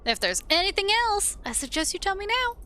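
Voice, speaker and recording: A woman's voice: extremely high pitch, very animated, fairly quick, bright, forceful tone, pitched above the performer's own voice, heavily acted. A woman reading the lines of a stern male wanderer with no memory, blunt and distrustful. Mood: suspicious. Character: stern scarred male wanderer who lost his memory, suspicious.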